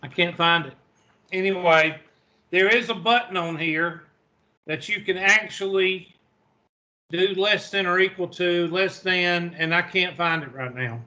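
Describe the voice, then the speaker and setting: A man teaching a math class, with a bright, somewhat high voice and an unhurried pace. He gets flustered and mutters to himself as he hunts for something. The recording is dull and lo-fi. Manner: flustered, talking to himself while searching. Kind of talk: online class lecture.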